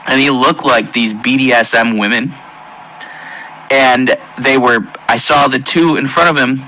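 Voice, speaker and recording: Earnest man with a bright, halting voice. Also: medium pitch, fairly even intonation, a little hiss or hum, poor audio. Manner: halting and earnest, with frequent restarts and pauses; intense, pleading delivery. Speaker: testimony speaker. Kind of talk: emotional personal testimony.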